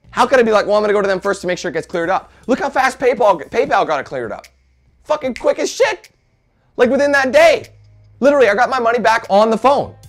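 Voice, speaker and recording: A young man with a rather high voice delivers a furious, profanity-laden rant straight to camera. He swears constantly and bursts into loud outbursts. Faint music sits quietly behind him. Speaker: gaming video creator.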